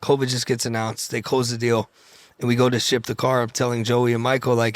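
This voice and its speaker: A man's voice: medium pitch, little pitch movement, fairly quick, dry recording. Dry, close-miked man telling stories. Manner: loose, profane, re-enacts conversations. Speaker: podcast guest, luxury car dealer. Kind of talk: casual storytelling chat.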